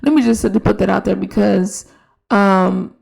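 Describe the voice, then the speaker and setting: A woman's voice: medium pitch, fairly even intonation, moderate pace, creaky, a little mellow. A young woman, a teacher hosting her own podcast, reflecting in a casual, conversational way with frequent restarts. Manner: conversational, with many restarts and quoted dialogue. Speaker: podcast host, elementary school teacher.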